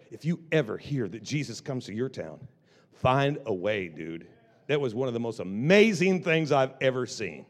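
A male pastor preaching a revival sermon as a story, in casual slang with many stammered restarts. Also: mid-range voice. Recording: long reverb of a large room.

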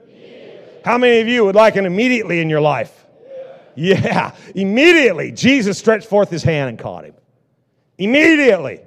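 A middle-aged male pastor preaching a sermon, swinging between loud bursts and hushed lines. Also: sits high, very animated, a little fast.

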